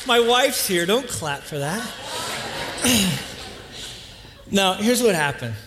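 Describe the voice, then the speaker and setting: A man's voice: high voice, expressive, slow, background noise. A man in his thirties, a pastor, telling a funny family story in a sermon to a live congregation and acting out the voices of his family. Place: church hall with live audience. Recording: long hall reverb.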